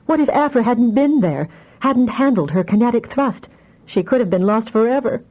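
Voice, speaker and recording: A woman's voice: fairly high pitch, expressive, normal speed, warm tone, highs cut off, pitched above the performer's own voice. A woman reading an audiobook voices an anxious adult telepathic mother who talks in a distressed, pleading way. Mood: distraught.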